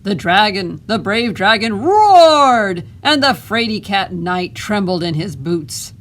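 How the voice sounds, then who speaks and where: A woman voicing a determined boy who reads a dragon story aloud in a booming, dramatic voice, for a storybook read-aloud. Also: very animated, slow.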